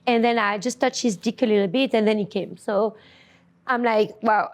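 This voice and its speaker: Young woman, French accent, slightly high voice, candid profane storytelling, laughing asides. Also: moderate pace. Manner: frank and profane, laughs often, drops to hushed asides.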